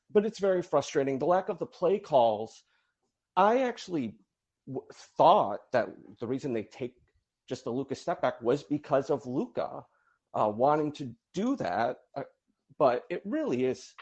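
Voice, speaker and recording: A man calling in to a podcast, giving quick wry opinions in casual chat. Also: medium pitch, a little mellow, husky. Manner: wry, quick opinions, laughs at his own jokes. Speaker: caller.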